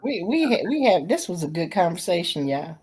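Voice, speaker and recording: A woman chatting casually on a live stream in a joking, exclamatory manner. Her voice sits a little low. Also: very animated, brisk, darkish tone, husky.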